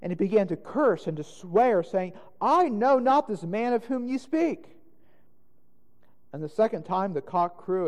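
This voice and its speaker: A man giving a dramatic reading of scripture, lifting his voice for the quoted lines. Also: a little high. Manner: dramatic, rising to loud exclaims on quoted lines. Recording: long hall reverb.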